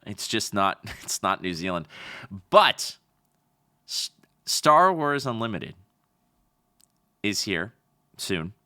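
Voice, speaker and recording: A man's voice: lowish voice, very animated, takes it slowly, pauses often, bright, forceful tone. A young adult man from Canada co-hosting a podcast, bantering and joking in casual chat. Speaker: podcast co-host.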